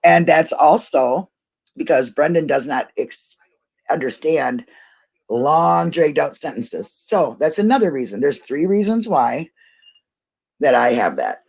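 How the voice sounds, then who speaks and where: A woman's voice: low voice, sing-song, unhurried, gravelly, a little mellow, husky. A woman hosting a casual livestream, rambling and laughing as she talks to her viewers. She gets emotional easily. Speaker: YouTube livestream host.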